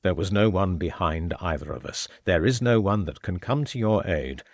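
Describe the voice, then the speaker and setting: A man gives voice to a murderous male villain who sneers and gloats as he lays out his schemes. The voice sits low, and the read is dry and close. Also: expressive, moderate pace, no echo. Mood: menacing.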